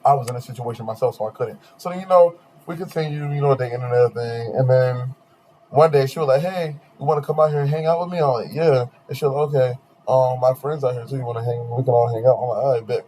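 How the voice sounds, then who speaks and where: A man's voice: medium pitch, quick pace. Young guy on a podcast spilling a dating story, lots of slang, does everyone's voices, faint hiss behind. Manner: slangy, animated retelling with quoted voices. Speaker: podcast host. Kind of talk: casual storytelling chat.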